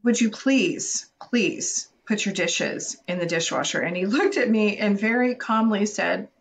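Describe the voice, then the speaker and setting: Chatting casually about parenting on a podcast she co-hosts, a woman in her forties tells on herself, making fun of her own slip-ups. She has a medium-pitched voice and speaks a little slowly.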